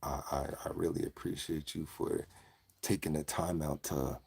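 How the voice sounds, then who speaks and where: A deep, velvety male seducer put on by a comedian, crooning low and slow. The voice drops far below his usual pitch and goes hushed and soft. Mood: bashful crooning.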